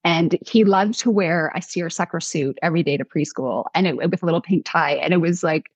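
A middle-aged woman tells a story with animated energy, slipping into the voices of the people in it. Her voice sits on the low side and is a little husky. The recording is dry and somewhat dull. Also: brisk, no room sound. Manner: animated, acts out quotes. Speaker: guest author. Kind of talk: conversational storytelling.

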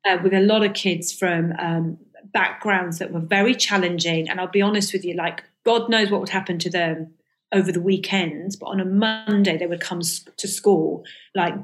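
A woman's voice: fairly low pitch, fairly even intonation, moderate pace, soft background music. A middle-aged woman comedian guest recalling school days in a candid, hesitant way, with many restarts. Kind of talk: reflective casual interview talk.

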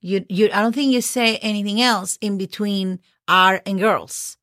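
Slow, patient Spanish-accented woman teacher. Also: medium pitch, fairly bright tone, no echo, studio quality. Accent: Spanish-speaking. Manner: slow, repeats and spells out words, encouraging. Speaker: Spanish teacher, podcast host. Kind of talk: casual spoken language lesson.

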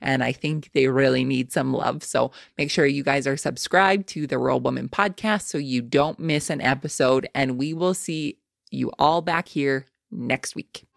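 A woman's voice: rumbling low, normal speed, gravelly, no echo, studio quality. A woman hosting a podcast, chatting casually and speaking straight to her listeners in an upbeat way. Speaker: podcast host. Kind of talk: casual podcast interview and sign-off.

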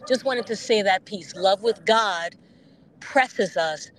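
A woman speaks earnestly and thoughtfully about faith, at a middling pitch. She talks over a Bluetooth phone link from her car, with a faint hum of noise behind her voice. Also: slow pace, low-quality recording. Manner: earnest, reflective, with sudden animated outbursts. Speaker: guest. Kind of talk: candid faith conversation. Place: driving in a car.

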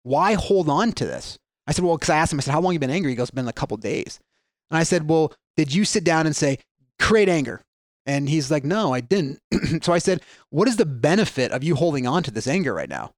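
A man with a fairly high voice explains ideas in a relaxed podcast chat, slipping into quoted voices and restarting sentences as he thinks. The sound is dry and close. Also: quick pace, few pauses, no echo. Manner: animated storyteller, acts out quoted voices, frequent restarts. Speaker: guest speaker on mindset.

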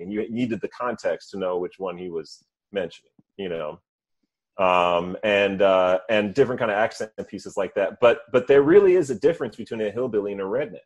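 Low husky man chatting casually. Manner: rambling, loose storytelling full of fillers. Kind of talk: casual chat.

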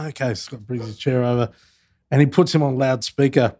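A man's voice: mid-range voice, a little fast, a little mellow. A middle-aged man with an Australian accent, a former politician chatting as a guest in an interview and telling anecdotes with plenty of fillers. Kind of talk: conversational interview.

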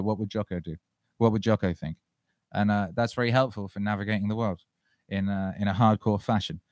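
Dude rambling thru listener questions, swears a lot, low voice, dry. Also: male voice, no echo. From England. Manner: loose, profane, rambling with frequent restarts. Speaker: podcast host answering listener questions. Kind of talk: casual solo chat.

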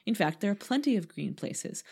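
A woman's voice: medium pitch, big pitch swings, moderate pace, gravelly, dark tone, husky. A woman co-hosting a podcast, reading from a script with playful, self-mocking asides and frequent laughter. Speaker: podcast co-host.

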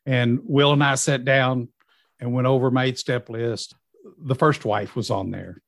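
A middle-aged man telling a personal recovery story, acting out quoted dialogue with lively storytelling. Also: mid-range voice, measured pace, gravelly, no room sound, studio quality. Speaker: guest in recovery.

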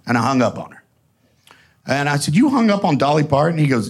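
Man, gravelly voice, somewhat high pitch, animated storyteller, swears and laughs a lot. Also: fairly quick. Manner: animated, profane, laughs often. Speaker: storyteller guest. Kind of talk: casual storytelling before an audience.

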